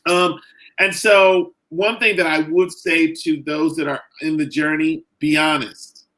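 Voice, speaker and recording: A middle-aged man, a caregiver and author, talking earnestly in a podcast interview, halting and full of "you know" and "like". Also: fairly high pitch, fairly even intonation, a bit bright, low-quality recording.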